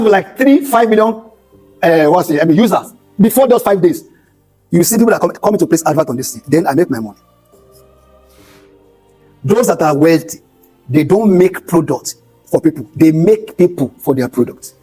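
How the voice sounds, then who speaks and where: In a skills bootcamp's event hall, a Nigerian pastor and speaker delivers a forceful, sermon-style motivational talk, driving points home by repeating key phrases. His voice is on the high side, darkish and a bit rough, on a low-quality recording.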